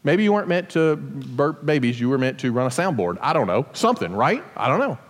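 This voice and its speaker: Guy preaching in a church, chatty and jokey, pitch jumps around a lot, echoing hall. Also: very animated, brisk. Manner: casual, joking asides while teaching scripture. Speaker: pastor. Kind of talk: conversational sermon. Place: church sanctuary. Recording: long hall reverb.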